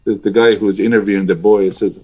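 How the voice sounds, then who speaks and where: Husky passionate man in his sixties. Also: steady tone, fast talker, a little mellow. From Iran. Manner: passionate and emphatic, pitch jumping when stirred. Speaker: guest, airline pilot. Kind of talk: interview over a remote link.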